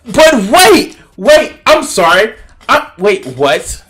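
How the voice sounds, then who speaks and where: A man's voice: high-pitched, big pitch swings, slow pace, over music. A man streaming and reacting to a video in casual, profane, incredulous commentary.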